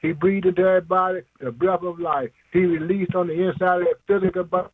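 A man's voice: high voice, flat delivery, a little fast, narrow, tinny audio. A man preaching an informal sermon, emphatic and slangy, asking questions and answering them himself, chuckling often.

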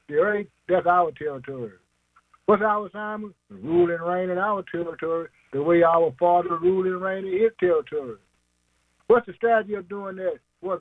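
A man's voice: high voice, no room sound, phone-quality sound. A man preaching an informal sermon, emphatic and slangy, asking questions and answering them himself, chuckling often.

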